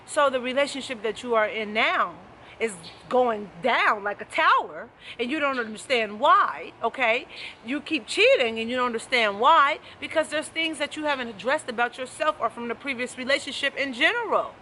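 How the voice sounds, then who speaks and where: A woman's voice: high-pitched, expressive, moderate pace, sharp tone, slight background noise. A woman life coach giving an emphatic, preachy motivational talk to camera, repeating her key phrases.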